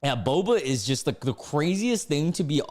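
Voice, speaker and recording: Excitable young man reacting on stream. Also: on the high side, moderate pace. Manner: excitable, laughs and exclaims often. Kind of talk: reading stories live with reactions.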